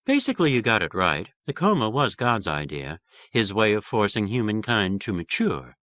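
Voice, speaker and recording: A man's voice: on the low side, sing-song, normal speed, fairly bright tone, dry recording. A man voicing a cultured female dinosaur with a Boston aristocrat accent, shaping each syllable carefully. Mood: poised.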